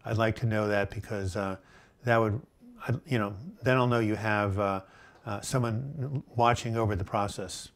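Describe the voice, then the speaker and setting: A middle-aged man hosting a live chat, reading viewer comments aloud and answering them with gentle advice, full of fillers and restarts. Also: fairly low pitch, fairly even intonation, moderate pace. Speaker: host answering viewer questions.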